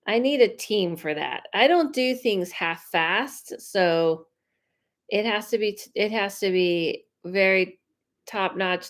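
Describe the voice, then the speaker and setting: Chatty and rambling, this woman is a psychic medium giving quick readings to livestream viewers. Her voice is mid-range.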